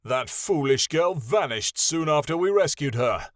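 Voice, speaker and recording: A man voicing a proud, wounded male dragon who shouts in booming fury. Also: lively intonation, a little slow, no echo, studio quality. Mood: furious.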